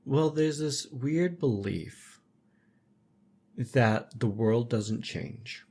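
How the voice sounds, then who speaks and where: A man in casual conversation, speaking reflectively in measured, philosophical statements. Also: mid-range voice, a little mellow, slightly rough. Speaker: podcast guest.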